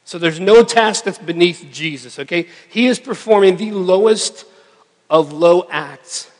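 A man preaching a sermon in a relaxed, conversational way who keeps checking in with his listeners. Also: high-pitched, unhurried, big-room sound. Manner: conversational, checks in with "okay?" and "right?".

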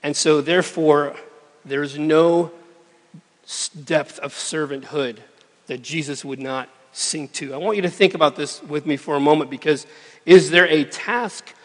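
A man preaching a sermon in a relaxed, conversational way who keeps checking in with his listeners. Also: fairly high pitch, a little slow, in a large hall. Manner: conversational, checks in with "okay?" and "right?".

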